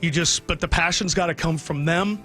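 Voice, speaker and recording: A man's voice: a little high, moderate pace, bright, forceful tone, faint music behind. A middle-aged man, a radio sports broadcaster, talking heartfelt and rambling about his son in a radio interview, choking up at times.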